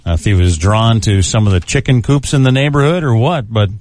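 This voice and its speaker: A man's voice: fairly low pitch, animated, a little fast, darkish tone, no echo. A man hosting a radio show, chatting casually through odd news stories, chuckling often and tripping over unfamiliar names. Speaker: radio host.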